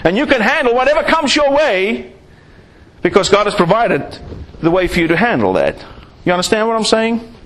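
Animated preacher, high lively voice. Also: male voice, moderate pace. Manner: animated preaching, acts out little scenes. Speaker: pastor. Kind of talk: sermon.

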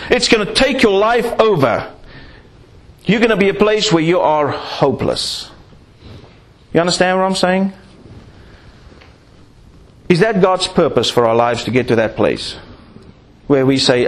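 A man's voice: a little high, expressive, measured pace, long pauses. A man preaching a sermon, acting out little scenes to make his points. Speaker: pastor.

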